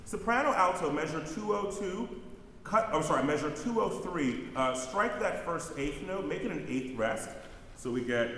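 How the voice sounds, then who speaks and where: A man's voice: a little high, fairly bright tone, a little hiss or hum. A man directing a choir rehearsal, counting in beats and singing example phrases between instructions. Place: rehearsal hall. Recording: roomy hall with long reverb, faint music.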